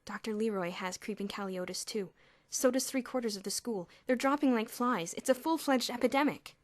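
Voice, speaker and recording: A woman's voice: on the high side, brisk, dry recording, natural voice. A woman voicing a scheming teenage schoolboy who sounds urgent, then grave and mock-serious.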